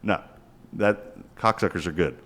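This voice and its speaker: A man's voice: low voice, unhurried, a bit bright. Profane ranting man in his forties. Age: 40s. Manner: profane, ranting, mimics people in quoted voices. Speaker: podcast co-host. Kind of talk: casual chat.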